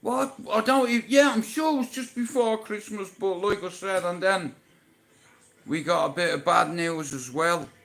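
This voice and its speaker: A man's voice: measured pace, vocal fry. A man hosting a livestream, telling a personal story in a casual, emotional way and swearing often. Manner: emotional, swears often, swings between low and loud. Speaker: livestream host.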